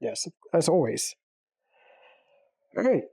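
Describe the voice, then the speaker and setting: A man co-hosting a casual podcast, easygoing and quick to laugh, sometimes stumbling over words. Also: fairly high pitch, very animated, vocal fry, dark tone, breathy edge. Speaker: podcast co-host.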